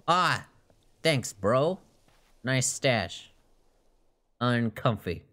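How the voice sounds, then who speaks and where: Animated, joking man playing a game. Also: medium pitch, extremely slow, long pauses, slight background noise. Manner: joking, sweary, talks to the game. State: losing his voice. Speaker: gaming YouTuber. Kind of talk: casual let's play commentary. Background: faint game music.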